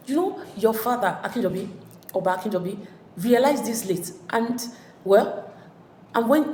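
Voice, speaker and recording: A woman voicing a scheming older father, reading his lines in a high, loud, flustered way in an echoey room. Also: a little hiss or hum, lightly acted. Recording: echoey room with long reverb.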